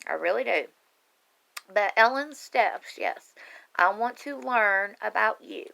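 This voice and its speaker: An online group member recounts her life slowly and expressively in a mid-range voice that's bright and forceful, with vocal fry. Addressing viewers straight on camera in a casual, heartfelt live video, she's earnest and emotional and rambles a little.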